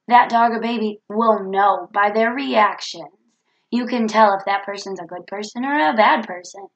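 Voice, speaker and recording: A woman's voice: on the high side, vocal fry, a bit bright, roomy sound, muffled recording. A woman with a cold talking earnestly into the camera in a reflective self-help vlog, repeating her key points. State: has a cold. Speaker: vlogger.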